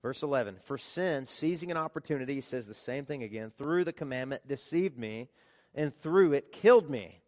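A pastor preaching a sermon, telling stories with lively rhetorical questions to his congregation. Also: mid-range voice, normal speed.

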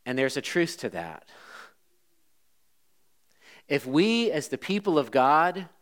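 Male pastor, fairly high voice, sermon delivery with big shifts between loud emphasis and quiet asides. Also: sing-song, slow pace. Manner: dynamic preaching, swinging between loud emphasis and hushed asides.

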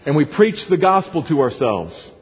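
A man's voice: fairly high pitch, very animated, moderate pace. A male pastor preaching an earnest sermon, repeating phrases, in a long echoing hall.

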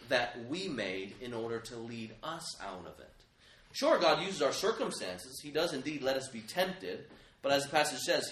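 Male pastor, earnest sermon delivery, forceful bright tone, echoey room. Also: fairly high pitch. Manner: earnest, emphatic, direct address to listeners as friends.

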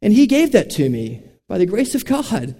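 A man's voice: high voice, huge pitch swings, normal speed, dark tone. Earnest male preacher, echoing hall. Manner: storytelling preacher, earnest and direct. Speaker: pastor. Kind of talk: sermon. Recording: long reverb of a large hall.

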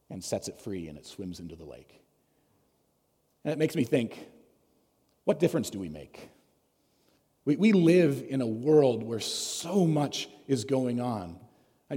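A man's voice: mid-range voice, mellow, husky. A man preaching a sermon as pastor, telling a story conversationally and asking the congregation questions. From United States. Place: church sanctuary. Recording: long reverb of a church hall.

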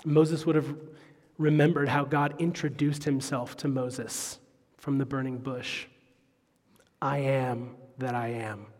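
Male pastor, unhurried expository sermon, reverb-heavy sanctuary sound. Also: mid-range voice, flat delivery, darkish tone. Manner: expository preaching, quoting scripture.

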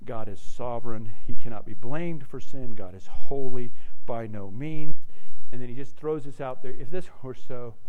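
A man's voice: mid-range voice, dark tone, rough recording. A man preaching a sermon as pastor, in a conversational way that keeps checking in with "right?" and repeats words as he starts a thought.

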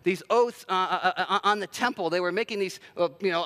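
A man's voice: high-pitched, fast talker, hardly any pauses, pushed and bright. A man preaching a sermon in a conversational, self-deprecating way with plenty of filler words. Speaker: pastor.

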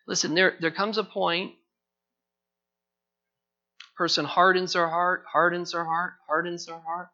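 A man preaching a sermon to his congregation as their pastor, passionate, moving between loud emphasis and quiet pleading. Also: sits high, flat delivery, measured pace, pauses often, highs cut off. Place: church sanctuary.

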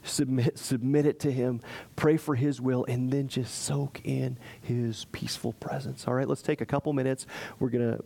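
A man preaching a sermon as a pastor, earnest and pleading, who later leads a soft, slow prayer. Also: medium pitch, little pitch movement, creaky.

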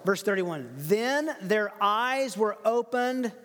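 A man preaching a verse-by-verse sermon, animated and emphatic, laughing often. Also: high voice, slow, in a large hall, slight background noise. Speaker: pastor. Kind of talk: expository sermon.

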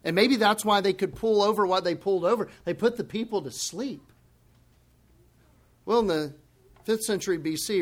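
A man preaching a sermon as a pastor, speaking with passion and swinging between loud emphatic declarations and hushed, grave asides. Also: high voice, normal speed, long pauses.

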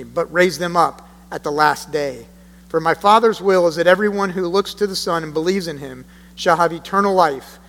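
A man preaching a sermon, reading scripture aloud and then explaining it in an earnest, emphatic way with deliberate pauses. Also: sits high, a bit bright. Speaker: pastor. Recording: long reverb of a large hall.

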